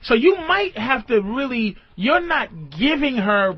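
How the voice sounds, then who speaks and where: A man's voice: very high voice, sing-song, measured pace. A man hosting a radio show in casual chat, profane and laughing loosely, on a dull radio recording with music behind.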